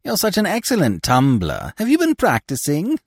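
A mocking young clown of the troupe, played by a male narrator, his voice jumping high and loud as he teases. The storybook reading is dry and close. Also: wildly swooping pitch, moderate pace, no echo, full character voice. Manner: teasing, mocking.

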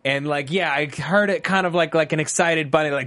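A man's voice: fairly high pitch, fairly quick, a bit bright, no room sound. A man co-hosting a podcast, chatting casually through a TV episode recap with lots of fillers and restarts. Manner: chatty, rambling with many fillers and restarts, breaks into jokey impressions. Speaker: podcast co-host.

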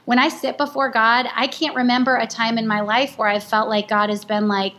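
A woman with a slightly high voice speaks as an interview guest, earnest and reflective. She thinks aloud, circling back and restarting her sentences as she goes. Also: little pitch movement, fairly quick, a bit bright. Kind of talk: conversational interview.

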